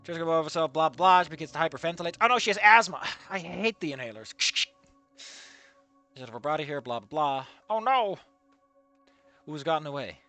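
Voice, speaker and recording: A man reading fanfiction aloud and breaking off into comedic asides, swearing freely and quick to laugh at the text. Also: a little high, expressive, bright, forceful tone, faint music behind. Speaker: fanfiction reader and commentator.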